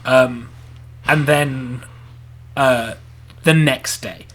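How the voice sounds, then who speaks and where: A man's voice: medium pitch, fairly even intonation, fairly bright tone. A man co-hosting a casual review podcast, rambling through a plot recap full of "like" and acting out character lines. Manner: acts out character lines in quick voices. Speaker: podcast co-host. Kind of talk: casual anime review chat.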